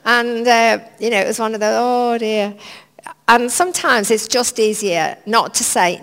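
Slow, gravelly woman preaching in a hall. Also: on the high side. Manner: chatty, anecdotal and gently humorous. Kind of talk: informal sermon. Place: large church hall. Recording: long reverb of a church hall.

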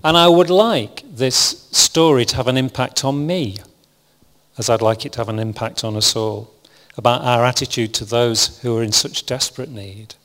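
A man's voice: mid-range voice, moderate pace, a bit bright. Reflective male preacher in echoing hall. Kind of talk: sermon.

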